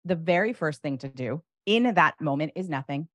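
A woman's voice: low-pitched, lively intonation, moderate pace, a bit bright, no echo, studio quality. A woman coaching parents, talking animatedly and acting out example phrases with emphasis. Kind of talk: advice conversation.

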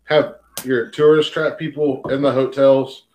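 A man's voice: mid-range voice, level tone, a little slow, a little mellow. A man co-hosting a podcast in casual chat, blunt and opinionated, swearing freely. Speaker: podcast co-host.

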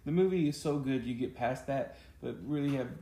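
Joking guy with a gravelly dark voice, chatting casual, says y'all a lot. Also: medium pitch, fairly quick. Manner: joking, teasing, Southern "y'all". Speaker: podcast co-host. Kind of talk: casual chat. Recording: echoey room with faint noise.

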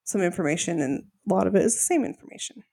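A woman's voice: fairly low pitch, fast talker, vocal fry, no room sound, studio quality. A woman co-hosting a podcast, chatting casually and recapping episodes. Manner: chatty, acts out quotes in animated voices. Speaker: podcast co-host.

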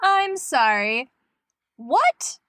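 Squeamish high-voiced woman co-host. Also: very animated, drawn-out words, fairly bright tone, no room sound, studio quality. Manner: squeamish, exclaims and protests. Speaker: podcast co-host. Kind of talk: casual chat reactions.

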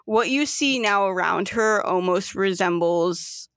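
A woman narrates a tabletop game with lively, animated energy. Her voice sits close and dry, with no room echo. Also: medium pitch, a little slow. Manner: animated, laughing often. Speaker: game master.

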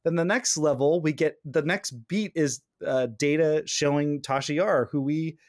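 A man hosting a podcast in casual, animated conversation, his voice sitting a touch higher than most men's. He now and then acts out quoted lines as he talks. The sound is dry and close, with no room around it. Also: moderate pace, no room sound. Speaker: podcast host.

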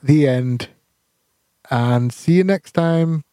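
Goofy man with a mellow, dry voice. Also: a little high, slow, no room sound. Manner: joking, goofy, tries accents. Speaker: podcast co-host. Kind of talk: casual chat.

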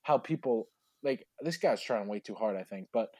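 A man's voice: on the low side, animated, moderate pace, mellow, no echo. A man casually retelling a bar story with a friend, slangy and profane, acting out the people he quotes.

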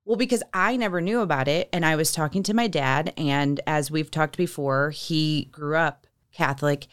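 A woman's voice: low voice, moderate pace, smooth, no room sound. Chatty woman podcast host, dry sound. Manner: animated storyteller, acts out quoted voices. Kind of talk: casual conversation.

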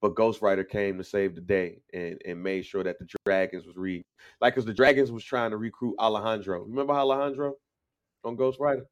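A man co-hosting a podcast, telling stories in casual chat, animated, laughing often and mimicking voices. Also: fairly low pitch, a little fast, dull audio. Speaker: podcast co-host.

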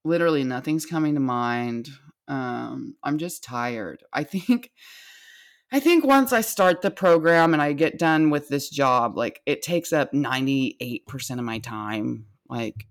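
A woman's voice: very deep voice, unhurried. A young American woman talking on her vlog in a tired, rambling way, swearing freely. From United States. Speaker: vlogger. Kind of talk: candid confessional vlog.

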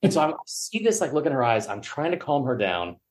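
A man's voice: medium pitch, very animated, quick pace. A man sits in as a podcast guest and spins a long story. He rambles, restarts, swears freely and laughs at himself along the way. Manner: rambling, self-mocking, profane. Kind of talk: storytelling in casual chat.

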